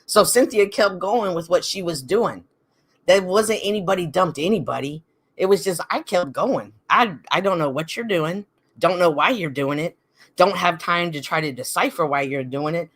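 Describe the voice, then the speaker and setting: A woman's voice: on the low side, normal speed, breathy edge. A middle-aged woman hosting a talk show, speaking emphatically in casual, heated chat and repeating her points. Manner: emphatic, repeats points, mimics others in quoted asides. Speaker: podcast host.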